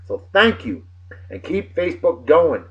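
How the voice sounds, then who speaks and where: A man from New of the region, hosting a casual video blog with boisterous, jokey shout-outs. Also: on the high side, sing-song, a little slow, lo-fi sound. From New England.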